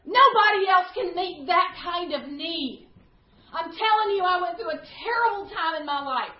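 A woman's voice: extremely high pitch, lively intonation, normal speed. A woman teaching the Bible to a small class in a passionate sermon style, questioning her listeners. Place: teaching room with a small audience. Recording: echoey room, dull lo-fi sound.

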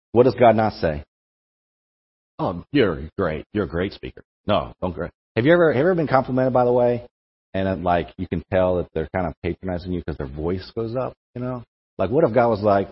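A man's voice: lowish voice, animated, brisk, breathy edge. A young man giving a conversational sermon to a campus group, repeating words as he thinks aloud. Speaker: campus ministry speaker. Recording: echoey hall, dull lo-fi sound.

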